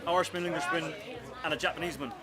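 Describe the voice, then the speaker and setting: A man telling a joke quickly and quietly to a street interviewer. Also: a little high, steady tone, a loud crowd. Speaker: member of the public telling a joke.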